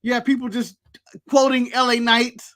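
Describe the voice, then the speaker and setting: A man's voice: very high voice, little pitch movement, moderate pace, fairly bright tone. An American man co-hosting a wrestling podcast, chatting casually with blunt, crude jokes. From United States. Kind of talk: casual chat.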